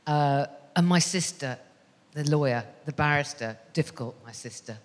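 A middle-aged woman talking as a guest on a live podcast, blunt and self-mocking, quick to run herself down and to swear. Her voice carries a long reverb, as if she were on a theatre stage. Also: sits low. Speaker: guest, comedian and novelist. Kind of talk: casual live podcast chat. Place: theatre stage before an audience.

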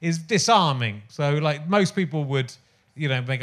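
Rambling talk show host, man with lifted pitch. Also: moderate pace. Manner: rambling, many restarts, laughs often. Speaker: podcast host. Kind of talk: interview chat.

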